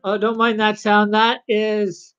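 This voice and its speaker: A comic artist chatting casually on a livestream from home, rambling and halting while reading the chat. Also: mid-range voice, flat delivery, fairly bright tone, smooth, highs cut off, faint music behind.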